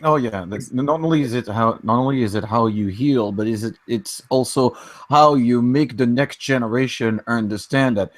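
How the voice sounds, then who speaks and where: A man's voice: medium pitch, moderate pace, no room sound. Male stream guest, earnest, filler-heavy, dry recording. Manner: earnest, many fillers like 'like'. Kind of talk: casual livestream chat.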